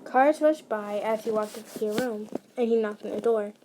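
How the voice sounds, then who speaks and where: A woman's voice: mid-range voice, normal speed, background noise. A woman reading audio fanfiction aloud in a plain, casual way. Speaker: storyteller.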